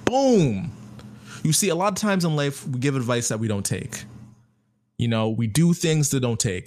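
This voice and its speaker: A young man hosts his podcast in a loose, comic monologue, full of slang and playful asides. His voice sits at an ordinary pitch and is recorded dry, with no room sound around it. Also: normal speed, dry recording. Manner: slangy, joking, animated storytelling. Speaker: podcast host. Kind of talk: casual comedic monologue.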